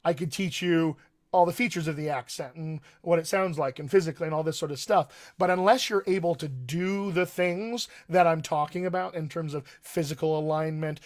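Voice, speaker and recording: A man's voice: fairly high pitch, moderate pace. A middle-aged man, a dialect coach, answering viewer questions in a live online session, explaining with analogies and restarting phrases as he thinks. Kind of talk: live-streamed Q&A teaching.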